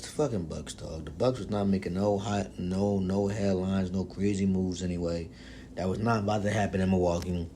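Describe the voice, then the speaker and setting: A young man hosts a casual sports podcast, talking loosely with lots of slang and profanity. He swings between loud outbursts and low muttering, and a little hiss or hum runs under the recording.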